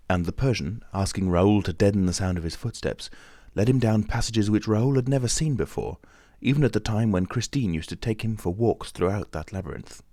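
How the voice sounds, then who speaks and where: A man narrating a classic novel as an audiobook in a steady, even storytelling manner. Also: fairly low pitch, fairly quick, few pauses, no room sound, studio quality. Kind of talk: scripted narration.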